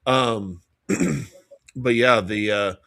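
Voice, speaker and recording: Bright-voiced, hesitant male co-host. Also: mid-range voice, extremely slow, vocal fry, no echo, clean studio sound. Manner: hesitant, stumbling restarts. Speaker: podcast co-host. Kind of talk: casual chat.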